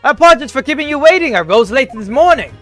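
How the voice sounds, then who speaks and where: A grandiose Victorian detective, theatrical and self-assured, as a man puts him on. He declaims in a high, bright, animated voice. Faint music sits behind. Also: quick pace, full character voice. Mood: pompous. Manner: pompous, grandiose.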